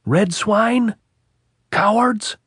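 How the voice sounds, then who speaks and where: A man's voice: mid-range voice, huge pitch swings, a little slow, darkish tone, husky, no room sound, studio quality, pitched above the performer's own voice, heavily acted. A man voicing a hot-tempered army captain who rants and bellows furiously, in an audiobook. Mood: raging, shouting.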